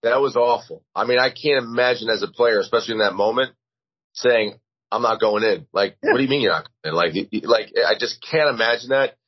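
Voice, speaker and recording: Husky middle-aged guy rambling on a video call, kinda muffled sound. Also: mid-range voice, fast talker. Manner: rambling, many restarts and fillers. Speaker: guest. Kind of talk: casual chat.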